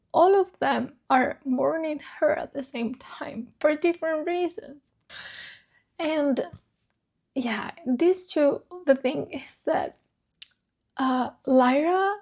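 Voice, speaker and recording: A woman's voice: sits high, lively intonation, slow, darkish tone. A woman chatting casually about books she read, emotional, swearing freely and repeating herself. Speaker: book vlogger. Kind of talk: casual chat.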